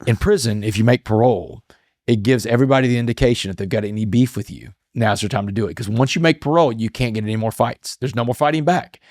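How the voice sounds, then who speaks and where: A man's voice: mid-range voice, fast talker, darkish tone, no room sound, studio quality. A middle-aged man telling a personal story as an interview guest, earnest and emotional, often repeating his words.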